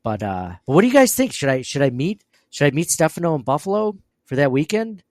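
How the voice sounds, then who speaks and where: A man's voice: on the high side, very animated, fast talker, no room sound, clean studio sound. A man co-hosting a podcast, rambling and self-deprecating in casual chat, laughing often. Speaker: podcast co-host.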